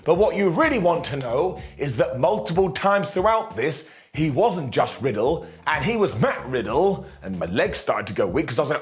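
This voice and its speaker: Faint music plays behind a man with a fairly high, sing-song voice talking at normal speed with few pauses. He recaps a wrestling show in an animated, joking, sarcastic way, often quoting people in mock voices.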